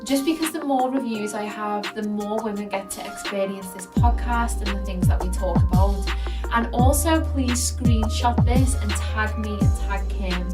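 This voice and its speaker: A woman with a Scouse accent hosting a podcast, talking in an effusive, enthusiastic way. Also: medium pitch. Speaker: podcast host. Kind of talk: casual interview chat.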